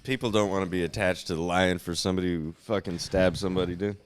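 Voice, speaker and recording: A man's voice: deep voice, fairly even intonation, fast, clean tone, no echo. A man who is a guest on a podcast, chatting casually with short, profane, laid-back replies. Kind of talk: casual chat.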